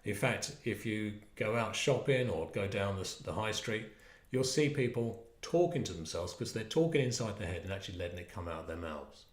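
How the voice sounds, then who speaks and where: A man's voice: fairly low pitch, echoey room. A man leading listeners through a stress management exercise, coaxing and drawing out words. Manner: animated, coaxing, drawn-out words. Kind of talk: guided exercise instruction.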